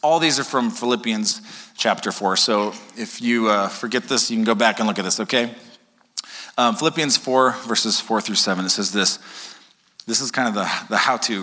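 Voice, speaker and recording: A man's voice: fairly low pitch, normal speed. A male pastor preaching a sermon to his congregation in a conversational way, often checking in with "okay?" and joking with the crowd. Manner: conversational, keeps asking "okay?"; animated, jokes with congregation. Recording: long hall reverb.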